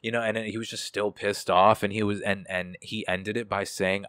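A man's voice: lowish voice, level tone, moderate pace, few pauses, fairly bright tone, clear, resonant tone, no echo, studio quality. A young man telling a story as an interview guest, casual and profane, with many fillers. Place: indoor room.

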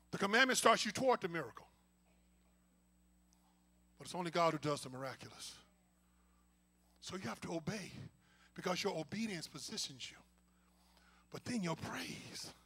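A man preaching a sermon in a church. He moves between hushed, near-whispered pleading and shouted exclamations, calling out "glory to God" as he goes. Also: sits high, creaky. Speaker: pastor. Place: church sanctuary.

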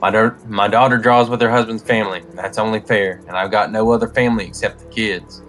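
A man voicing a quiet, regretful village husband. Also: on the low side, fairly even intonation, a little fast, soft background music, close to an everyday voice. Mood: resigned. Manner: regretful, subdued.

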